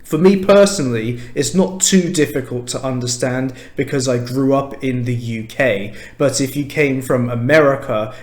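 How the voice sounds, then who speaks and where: Clear southern British English teacher. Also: male voice, medium pitch. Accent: standard southern British. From England. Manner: clear, slow, explanatory. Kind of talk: language lesson to camera.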